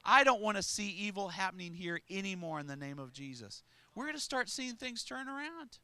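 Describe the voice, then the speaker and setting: A man's voice: high-pitched, animated, brisk, sharp tone, clear, resonant tone. A man preaching a sermon with emphasis, asking the congregation rhetorical questions and chuckling between points.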